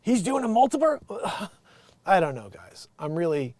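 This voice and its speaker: A man hosting an improvised comedy news show, jumping between loud outbursts and muttered asides and talking straight to his viewers. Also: high voice, big pitch swings, unhurried, dry recording. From United States. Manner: chatty, addresses viewers as guys, lots of you know.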